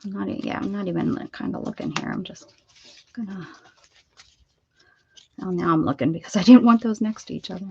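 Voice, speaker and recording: A woman's voice: fairly quick, gravelly, pauses often, dark tone, dull audio, slight background noise. A woman hosting a casual craft livestream, chatting to viewers and cooing at her dog as she works. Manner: chatty, coos at her dog in a high baby-talk voice.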